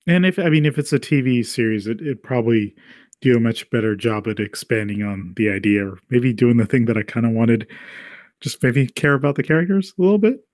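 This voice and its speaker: A man's voice: medium pitch, brisk, darkish tone, no room sound, studio quality. A man co-hosting a casual movie-review podcast. He jokes, is sarcastic and laughs between remarks. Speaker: podcast co-host.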